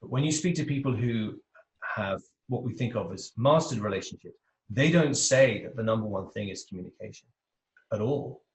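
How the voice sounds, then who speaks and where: A man's voice: lowish voice, animated. Reflective British man in roomy sound. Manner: measured, reflective explaining. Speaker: podcast guest. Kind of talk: conversational interview. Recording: echoey room sound.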